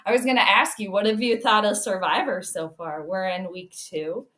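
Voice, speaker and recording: A woman's voice: medium pitch, moderate pace, fairly bright tone. A woman hosting a casual livestream, chatting and greeting viewers by name with frequent laughs. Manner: laughs often between remarks. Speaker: livestream host. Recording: roomy echo.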